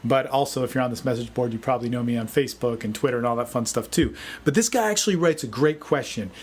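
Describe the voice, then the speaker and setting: A man giving a casual, energetic motivational talk as a dating coach, often saying "man". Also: mid-range voice, fast, husky. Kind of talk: casual video talk answering a forum question.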